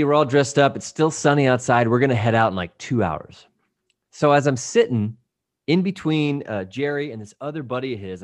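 Man, podcast guest, casual storyteller, swears freely, acts out other people, mid pitch, dry close sound. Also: dry recording. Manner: lively anecdote telling, acting out quoted people; frequent swearing.

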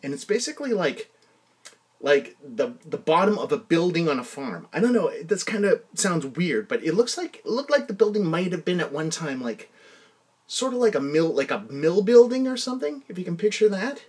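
Male solo podcast host, fairly high and very animated voice, rambling self-mocking storyteller who mutters asides. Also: normal speed, husky. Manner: rambling, self-deprecating anecdotes with frequent restarts; drops into quiet muttered asides.

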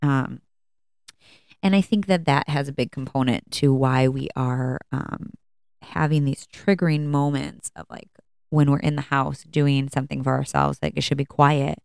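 Low, gravelly woman podcast host. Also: steady tone, moderate pace, a little mellow, dry recording, clean studio sound. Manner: candid, chatty, with many fillers and restarts. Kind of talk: casual personal talk. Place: at home.

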